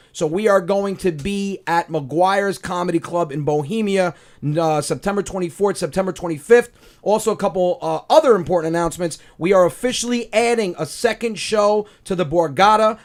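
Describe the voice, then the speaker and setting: A man with a New York accent hosting a comedy podcast, chatting loosely and telling stories with lots of fillers. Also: high voice. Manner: animated, rambling storytelling with fillers. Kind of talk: casual comedy podcast chat.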